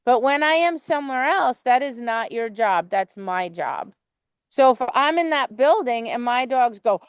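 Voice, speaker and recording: Woman dog trainer, frank and forceful, swears easily; clear tone, close dry sound. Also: fairly high pitch, expressive, unhurried, dry recording. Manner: blunt and emphatic, swears casually. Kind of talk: coaching a training session.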